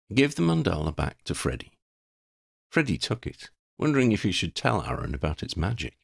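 A man narrating a fantasy story in an expressive, playful storybook reading. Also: low-pitched, a little fast, creaky, husky, dry recording, clean studio sound. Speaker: audiobook narrator.

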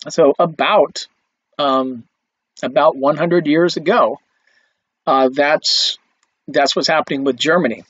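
A man's voice: on the high side, no room sound. A man giving a conversational film history lecture, with many fillers and restarts. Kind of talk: recorded lecture. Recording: dull lo-fi, dry recording.

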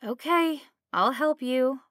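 A woman voicing a sharp-tongued young adventurer woman. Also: sits high, lively intonation, takes it slowly, dry recording, clean studio sound, voice pushed up, heavily acted. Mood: teasing.

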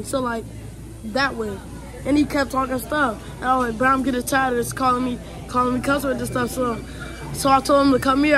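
A young boy telling a rambling story about a fight at school, with many restarts. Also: extremely high pitch. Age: child.

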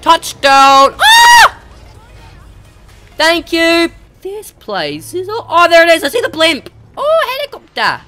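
A gamer giving excitable let's play commentary, yelling and cheering often while flying. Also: very high voice, unhurried, soft background music.

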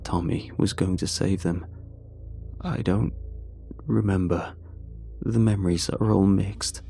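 A man's voice: steady tone, gravelly, warm tone, soft background music, exaggerated voice. A man doing a sad monster train creature. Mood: mournful. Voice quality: deep, resonant misery. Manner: slow, mournful, halting.

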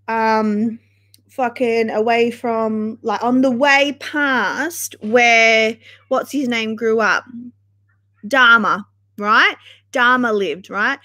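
A woman's voice: on the high side, a bit bright. Chatty, foul-mouthed young woman streamer. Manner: chatty, swears freely, dramatic. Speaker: livestream host. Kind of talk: casual livestream chat.

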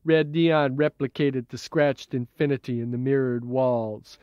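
A man reading his own novel as an audiobook in a measured, even way, heard as dull old tape. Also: medium pitch, clean tone, no room sound. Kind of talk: audiobook narration.

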